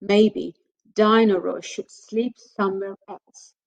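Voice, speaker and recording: A woman's voice: medium pitch, fairly even intonation, takes it slowly, vocal fry, a little mellow, highs cut off. A woman voicing a jolly, slightly clumsy father pig in a children's story. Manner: jovial, chuckling.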